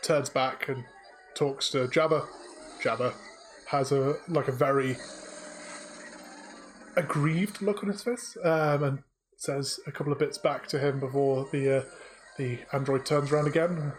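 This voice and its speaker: A man narrating as game master of a tabletop game, halting with many fillers. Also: medium pitch, steady tone, faint music behind, rough recording.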